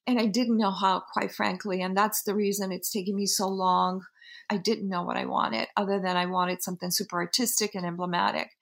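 A woman from Peru, middle-aged, telling the story of the brand she founded in a reflective, halting way, with many restarts and fillers. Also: mid-range voice, level tone, gravelly.

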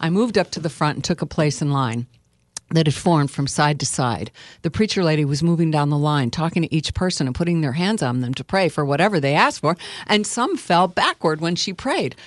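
A woman's voice: low voice, a little fast, no echo, studio quality. A woman author reading her memoir earnestly and expressively, then chatting as a guest. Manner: earnest and expressive, with filler hesitations.

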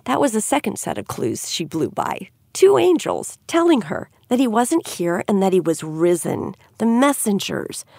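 A middle-aged woman giving an earnest devotional Bible teaching, gently putting questions to her listeners. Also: mid-range voice, gravelly, breathy edge, no echo, clean studio sound.

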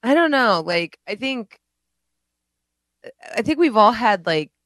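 A woman's voice: fairly high pitch, very animated, slow pace, fairly bright tone, no room sound. A woman co-hosting a podcast in casual chat, telling stories animatedly and mimicking the people in them. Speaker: podcast co-host.

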